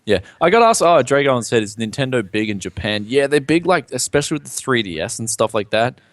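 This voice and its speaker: A man's voice: medium pitch, fairly quick, dry recording. A young man co-hosting a gaming live stream in casual, rambling chat, filling his sentences with "like". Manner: animated, rambling, sprinkles "like".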